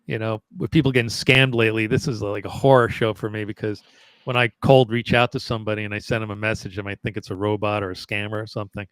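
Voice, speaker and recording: A man's voice: fairly low pitch, level tone, quick pace, clear, resonant tone, no room sound. A man hosting a music show, chatting and joking over a video call. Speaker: show host. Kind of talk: casual chat.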